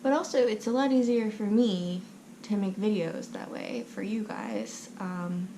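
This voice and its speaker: A young woman hosts a casual personal chat, keeping her voice hushed and often half-whispered. She takes her time with an unhurried pace and a soft, warm timbre, and she rambles with frequent fillers. A faint hiss sits behind her. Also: mid-range voice, animated, rough recording. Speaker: channel host. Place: at home, someone asleep next door.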